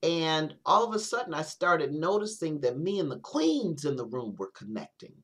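A woman poet, a guest on an interview podcast, talking reflectively in casual conversation, with many halting restarts. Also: deep voice, very animated.

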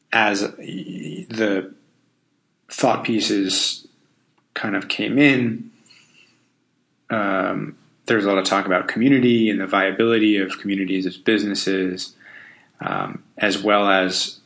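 A man's voice: low voice, vocal fry, fairly bright tone. A man hosting a casual solo podcast, thinking aloud in a loose, self-deprecating way with frequent ums and restarts. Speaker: podcast host.

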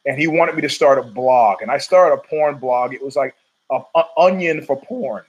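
Speaking at an ordinary pace with a medium pitch and a breathy edge, a middle-aged man hosts a podcast over rough audio. His rambling, opinionated monologue is laced with profanity and keeps restarting.

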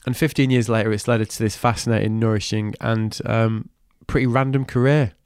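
Speaking through a nasal cold, a Manchester-born podcast host opens with a scripted intro and then chats casually in an interview, cheeky, enthusiastic and swearing as he goes. His voice is on the low side, smooth and darkish, with a steady tone and a slightly fast pace. The studio sound is clean and echo-free.

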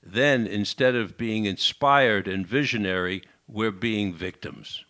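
A man's voice: on the low side, slow, sharp tone. A man hosting a radio interview, summing up the guest's points and checking back with him. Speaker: radio host.

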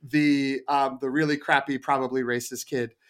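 A man co-hosting a casual film review podcast, retelling scenes with quoted lines and lively storytelling. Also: mid-range voice, normal speed. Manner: animated storytelling with quoted voices. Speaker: podcast co-host.

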